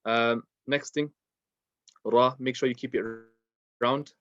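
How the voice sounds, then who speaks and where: A man's voice: medium pitch, fairly even intonation, slow, a bit bright, lo-fi sound. A man teaching a beginners' Quran recitation lesson, explaining step by step with a patient, filler-laden manner. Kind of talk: online lesson.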